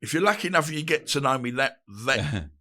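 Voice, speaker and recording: Lively, bright-voiced man. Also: medium pitch, fast talker. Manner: laughing, rambling, swears freely. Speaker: podcast guest. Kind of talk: casual storytelling. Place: podcast studio.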